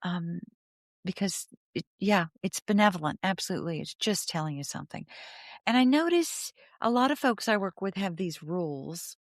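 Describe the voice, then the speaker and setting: Laughing, animated woman therapist, low voice. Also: normal speed, no room sound, studio quality. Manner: animated, laughs often, acts out inner thoughts. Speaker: therapist guest. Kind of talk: conversational podcast explanation.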